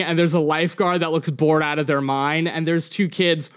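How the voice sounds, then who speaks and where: Guy running a tabletop game, kinda high, smooth voice, rambly with lots of ums. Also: fairly even intonation, moderate pace, hardly any pauses. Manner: casual, rambling, filler-heavy narration. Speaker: game master.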